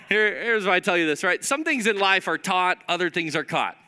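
A male pastor delivering a sermon in a lively storytelling manner. His voice sits a little high and comes across bright and forceful. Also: a little slow, long pauses, clean tone.

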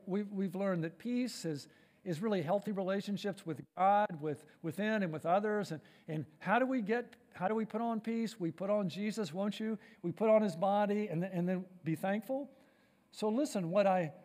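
A man's voice: high-pitched, a little mellow, in a large hall. A man preaching a sermon as pastor, fervent and full of rhetorical questions, often saying "listen" and "right?". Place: church sanctuary.

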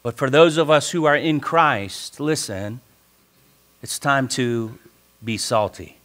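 Fiery preacher, bright forceful voice. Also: male voice, mid-range voice, slow pace. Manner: swings from quiet to shouting, emphatic preaching; calls congregation to repeat after him. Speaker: pastor. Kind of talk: sermon.

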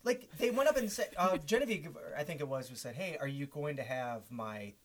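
A woman co-hosting a casual chat, telling animated stories and acting out quotes. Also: low-pitched, brisk, crowd noise. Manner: animated storyteller, acts out quotes with laughter. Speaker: podcast co-host.

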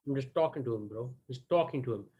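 A man's voice: medium pitch, quick pace, breathy edge, lo-fi sound, close to an everyday voice. A man playing a laid-back, bro-talking traveler with an Indian English accent in improvised comedy. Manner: easygoing, calls everyone bro, deadpan jokes. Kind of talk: improvised comedy role-play.

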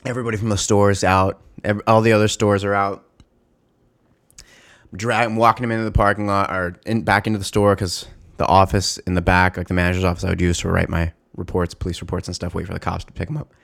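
A man telling a story in casual, animated talk, heavy on swearing, fillers and restarts. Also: deep voice, quick pace, vocal fry. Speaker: former store security guard.

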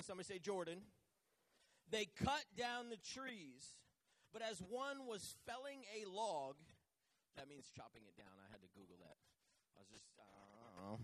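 A man preaching a sermon in church, retelling a Bible story with casual asides and acted-out voices. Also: high voice. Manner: animated storytelling, acts out biblical figures in casual voices. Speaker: pastor.

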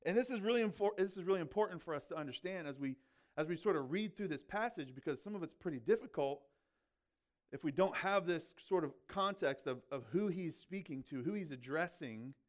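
Male pastor, casual sermon, chatty, keeps checking in with listeners, fairly high voice. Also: animated, fairly quick. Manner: chatty, filled with "like" and "right?". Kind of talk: conversational sermon.

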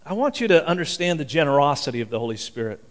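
A male pastor giving a sermon in a church, talking in an animated, conversational way, fervent and full of restarts. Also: on the high side, quick pace.

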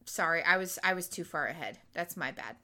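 A woman co-hosting a podcast in casual chat, expressive and talkative, with sighs and groans. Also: on the low side, a little fast. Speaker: podcast co-host recapping a TV episode.

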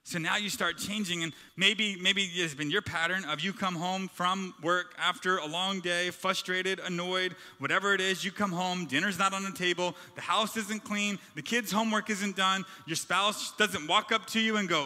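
A man preaches a sermon as pastor, emphatically driving his points home in repeated, rhythmic lists. His voice is high-pitched, pushed and bright, with fairly even intonation, normal speed and hardly any pauses. It's recorded in a reverberant hall with background music.

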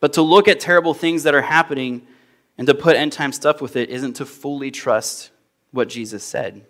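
A young adult man preaching a sermon as pastor, in a conversational storytelling manner that grows animated in anecdotes. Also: mid-range voice, moderate pace.

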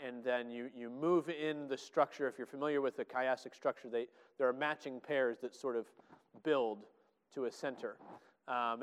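A man preaching a Bible teaching, excitable, with many filler "uh"s and restarts. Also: mid-range voice, smooth. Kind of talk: sermon-style Bible teaching. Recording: long echoey hall reverb.

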